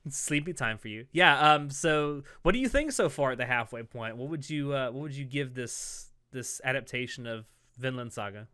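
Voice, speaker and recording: A man co-hosts a relaxed podcast conversation with a bright, smooth voice. He is chatty, laughs easily and talks through plot points at length. His voice sounds dry and close, with no room around it. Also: mid-range voice, normal speed, hardly any pauses, dry recording. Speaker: podcast co-host. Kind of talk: casual podcast review chat.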